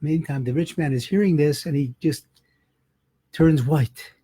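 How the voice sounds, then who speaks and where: A man's voice: a little high, a little slow, dark tone, husky, no echo. A man, a rabbi, telling a holiday story in a folksy, conversational sermon.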